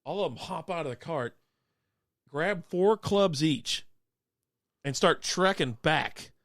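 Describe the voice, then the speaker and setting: A man's voice: a little high, lively intonation, slow, a bit bright, no echo, clean studio sound. A young adult man co-hosting a casual chat, rambling through stories, acting out quotes and laughing often. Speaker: podcast co-host.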